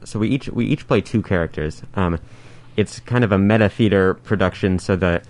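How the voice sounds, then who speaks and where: Very deep-voiced teen boy. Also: moderate pace, a little mellow, no room sound. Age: teens. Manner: hesitant, many ums and restarts. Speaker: high school actor. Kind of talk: casual interview talk.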